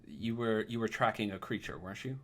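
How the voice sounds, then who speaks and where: A man's voice: lowish voice, fairly quick, creaky. A man doing a shaken, stammering town guard. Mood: anxious, shaken. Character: anxious young male town guard.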